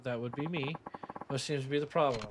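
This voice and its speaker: A man voicing a rude, dismissive male schoolteacher while reading game subtitles aloud, over a steady hiss. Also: medium pitch, fairly quick, natural voice. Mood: scornful.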